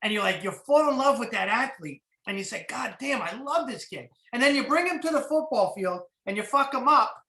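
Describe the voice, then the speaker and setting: A middle-aged football coach with a New Jersey accent, breaking down plays in a clinic talk, animated and blunt, swearing casually. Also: male voice, very high-pitched, a little fast, few pauses, reverberant, rough recording. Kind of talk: clinic talk over game film.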